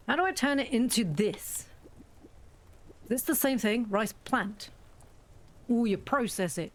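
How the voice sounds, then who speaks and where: Her voice is a little high and expressive, measured in pace, with frequent pauses. The game streamer works through a farming game in a casual let's-play, chatting, reasoning aloud and teasing herself.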